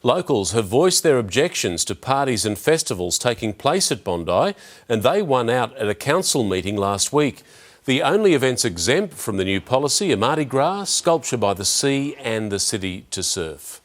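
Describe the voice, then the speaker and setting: A man reading the evening news as anchor, measured and steady. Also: medium pitch.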